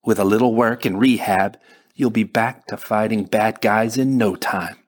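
A man as a calm doctor with a foreign accent. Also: lowish voice, moderate pace, close to an everyday voice. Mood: reassuring. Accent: foreign-accented English. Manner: calm, reassuring bedside manner. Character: calm reassuring male hospital doctor.

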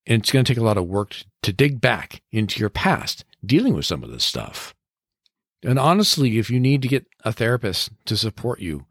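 A man's voice: mid-range voice, no echo, clean studio sound. A middle-aged man hosting a motivational podcast, speaking earnestly and encouragingly and sometimes laughing at himself. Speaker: podcast host and coach.

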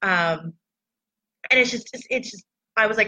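A woman's voice: mid-range voice, moderate pace, bright, forceful tone. A woman talking casually and candidly to her online followers in a reflective, loose storytelling way. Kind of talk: casual personal talk to followers. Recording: dull lo-fi recording.

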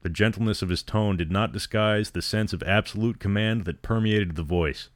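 Male narrator, very low voice, dry close recording, steady storybook reading. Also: fairly quick, few pauses, dry recording. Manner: reads all characters in a low steady voice. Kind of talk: scripted narration.

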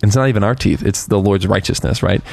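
A man giving an earnest, candid devotional talk as a preacher, halting and restarting as he reflects. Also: fairly low pitch, vocal fry, a little mellow, no room sound, faint music behind. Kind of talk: devotional talk on a worship song. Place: outside a church.

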